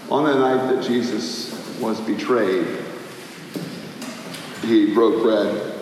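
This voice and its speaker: A man preaching a sermon as pastor, swinging between impassioned shouting and hushed prayer. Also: on the low side, slow pace, distant mic, slight background noise. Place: church sanctuary. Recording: echoey hall, faint ambience.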